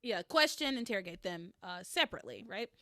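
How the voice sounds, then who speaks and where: A woman hosting a podcast, recapping episodes in a casual, animated way, laughing often and swearing freely. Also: medium pitch, a little fast, dry recording, clean studio sound. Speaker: podcast host recapping a soap opera. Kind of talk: casual chat.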